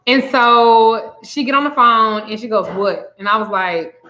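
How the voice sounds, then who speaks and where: A woman's voice: a little high, measured pace. A woman spiritual reader telling a story in a casual livestream, acting out both sides of a phone call. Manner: chatty, animated retelling, acts out both sides of a call. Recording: slightly dull lo-fi audio.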